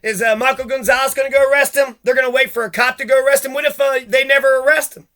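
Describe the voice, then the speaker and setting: A man's voice: very high voice, steady tone, fast talker, bright, forceful tone. A man delivering a heated, profane rant, cursing and jumping from one grievance to the next.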